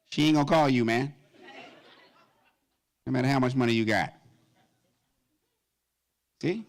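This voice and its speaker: A man in his fifties performing a stand-up comedy routine at a gala, animated and breaking into high falsetto song snippets. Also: measured pace, long pauses. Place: event stage before a live audience.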